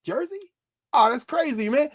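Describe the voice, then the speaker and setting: An eager male radio fan bursts in with a raised, excited voice and friendly street talk, as a man puts him on in his story. The voice sits well above the storyteller's own and sounds dry and close. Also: extremely high pitch, moderate pace, husky, no room sound, voice pushed up, exaggerated voice.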